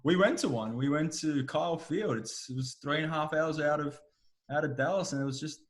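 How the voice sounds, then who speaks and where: A man's voice: fairly high pitch, brisk. A man hosting a podcast, a former coach who tells stories and asks questions in a chatty, enthusiastic way. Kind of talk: casual podcast interview.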